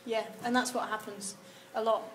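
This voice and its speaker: A high-pitched woman lectures students in an echoey room, lively and acting out sample answers in quoted voices. A faint hum of noise sits under her voice. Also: normal speed. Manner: animated, acts out example replies. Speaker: university lecturer. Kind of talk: lecture on research methods. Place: lecture hall.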